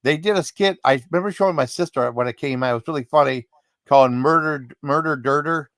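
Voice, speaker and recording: A man's voice: a little high, quick pace, a bit bright, no room sound. A man hosting a live stream over a video call, upbeat and playful, laughing often. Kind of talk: casual group chat.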